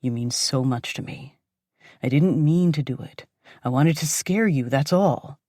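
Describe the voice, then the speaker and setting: A woman's voice: low-pitched, a little slow, warm tone, no room sound, studio quality. A woman voicing an unhinged menacing ex-boyfriend. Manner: pleading turning to menacing, strained.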